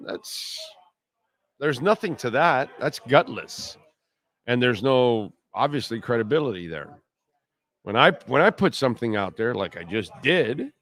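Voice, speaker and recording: A middle-aged man hosting a sports talk radio show, talking casually, bluntly and rambling, often repeating himself. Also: medium pitch.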